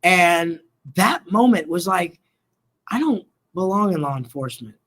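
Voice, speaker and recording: A middle-aged man from Colorado and Oklahoma, a mental health worker telling his story as an interview guest in a relaxed, rambling way, acting out quoted dialogue. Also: high-pitched, a little slow.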